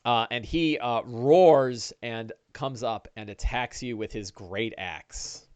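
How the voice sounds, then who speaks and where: A man narrating a one-on-one tabletop game as dungeon master, animated, with quick bursts and restarts. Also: mid-range voice, clear, resonant tone, no room sound.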